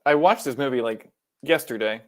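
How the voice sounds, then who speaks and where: A man's voice: mid-range voice, moderate pace. A man with an American accent, co-hosting a podcast in casual, jokey chat, swearing freely and laughing at himself. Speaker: podcast co-host.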